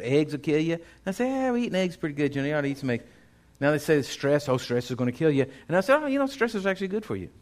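A male pastor, preaching a sermon in a folksy, conversational way that builds in intensity. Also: on the high side.

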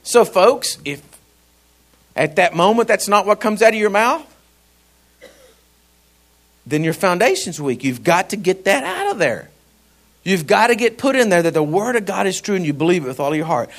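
A male pastor, telling a personal story in a sermon, laughing and animated. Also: sits high, moderate pace, long pauses.

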